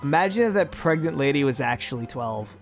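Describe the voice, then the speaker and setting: A man's voice: a little high, lively intonation, fairly quick, soft background music. A man giving casual gameplay commentary as a gaming YouTuber, rambling and sarcastic, with many restarts.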